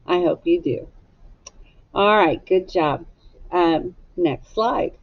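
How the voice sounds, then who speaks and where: Slow, patient woman teaching phonics. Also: lowish voice, lo-fi sound, slight background noise. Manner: slow, patient spelling out letter by letter; gently encouraging. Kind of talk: recorded phonics lesson for children.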